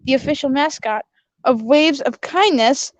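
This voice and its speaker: A woman's voice: sits high, a little slow, no echo, dull audio. A woman hosting her own video, explaining her project patiently and scolding her sidekick character by turns. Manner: patient, then scolding and corrective. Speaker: host presenting her kindness platform. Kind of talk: casual skit and explanation.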